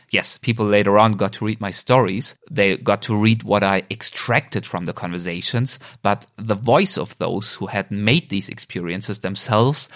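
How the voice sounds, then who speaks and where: A man with a German accent, a native German speaker, hosting a podcast and reading a measured, earnest scripted introduction. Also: on the low side. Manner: earnest, measured, slightly lofty. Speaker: podcast host.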